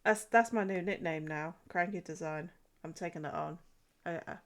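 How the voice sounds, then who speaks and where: A woman's voice: fairly low pitch, normal speed. A young woman streaming while she draws, chatting and giggling through a cold. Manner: giggly, chatty, self-deprecating. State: has a cold. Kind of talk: casual live-stream chat while drawing.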